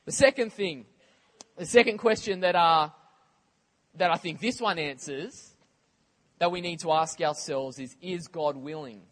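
A man preaching a sermon in a conversational, animated way, with casual asides to the congregation. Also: on the high side, a little slow, pauses often.

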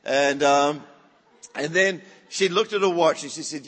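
A slightly high-voiced man preaches in a story-driven way, lively and laughing as he acts out the people in his tale. His voice rings with a long reverb from the church hall. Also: measured pace. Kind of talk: storytelling sermon.

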